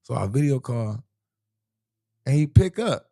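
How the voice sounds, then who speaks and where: A man's voice: medium pitch, lively intonation, unhurried, vocal fry, mellow. A young man from the US Midwest, a rapper guest in an interview, telling a rambling, profane street story and often asking "you know what I'm saying".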